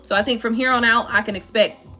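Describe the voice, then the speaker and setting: A woman's voice: fairly high pitch, fairly even intonation, quick pace, bright, forceful tone, soft background music. A woman hosting a live stream who chats casually with viewers in a playful, laughing way and swears freely. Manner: chatty, laughing, profane and playful. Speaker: tarot reader and live stream host.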